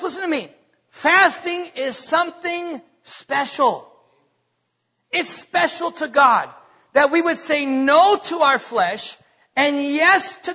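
A man preaching a sermon in a church on a stage microphone, animated and joking, asking the congregation questions. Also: very high voice, highs cut off. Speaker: pastor.

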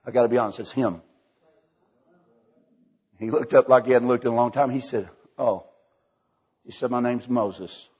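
A man's voice: mid-range voice, fairly even intonation, normal speed, long pauses, a little mellow, husky, lo-fi sound. A man preaching a folksy sermon, telling a story and acting out the dialogue with many restarts. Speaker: evangelist preacher.

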